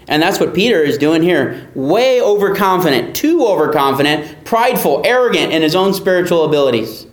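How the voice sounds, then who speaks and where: A man's voice: on the high side, big pitch swings, fairly quick, few pauses, echoey room. A man preaching an expository sermon, earnest and emphatic, repeating key phrases for weight. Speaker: pastor.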